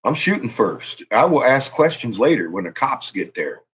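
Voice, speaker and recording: On his channel, a YouTuber rants angrily, cursing nonstop and swaggering through heated threats. His medium-pitched voice is sing-song and a bit bright yet husky, moving at normal speed with few pauses, and the recording sounds muffled.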